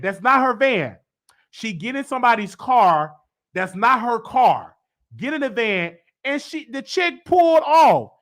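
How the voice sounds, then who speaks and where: A man hosting his own show, casually recapping and reviewing a TV episode in a slangy, animated way with loud bursts. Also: high voice.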